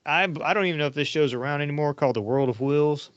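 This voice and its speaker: This podcast host has a voice on the high side and a quick pace as he tells rambling, anecdotal stories in casual chat, using plenty of fillers. The recording has no room sound: it is dry, dull, and lo-fi.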